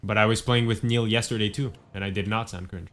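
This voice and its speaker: Low-voiced guy rambling on a game stream. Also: steady tone, fairly quick, fairly bright tone. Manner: rambling, self-deprecating, laughs often. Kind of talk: casual game stream chat.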